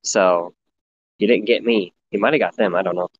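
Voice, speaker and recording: A man's voice: low-pitched, fairly even intonation, normal speed, breathy edge, no room sound. A young man in casual crude chat, telling stories and mocking himself. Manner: storytelling, self-mocking. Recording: dull lo-fi sound, faint noise.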